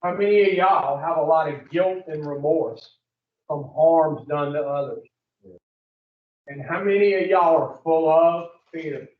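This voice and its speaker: High-voiced man preaching bluntly in an echoey room. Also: measured pace. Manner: blunt and profane, peppers the group with questions. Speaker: addiction recovery speaker. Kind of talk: preaching-style group talk. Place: room with a group. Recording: echoey room, distant muffled mic.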